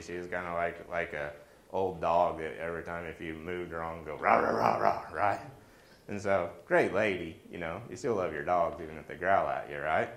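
A man, a pastor, preaching in a storytelling way with animated delivery and jokey asides. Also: deep voice, roomy sound. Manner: animated, jokey asides, acts out quoted voices. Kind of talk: storytelling sermon.

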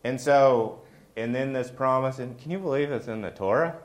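A man's voice: medium pitch, normal speed. A middle-aged man preaching a sermon in a conversational way, often asking the congregation questions.

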